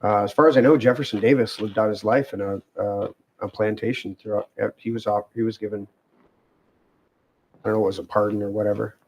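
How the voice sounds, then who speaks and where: A man's voice: fairly low pitch, fairly even intonation, brisk, a little mellow. A man hosting a casual talk show with co-hosts, reading aloud from a web page with many fillers and restarts. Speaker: podcast host.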